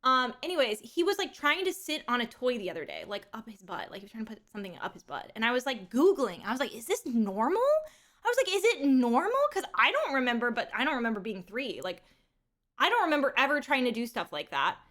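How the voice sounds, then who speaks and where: A young woman streaming a game and chatting casually, telling rambling animated stories full of fillers. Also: on the high side, fast talker. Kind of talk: casual chat to stream while gaming.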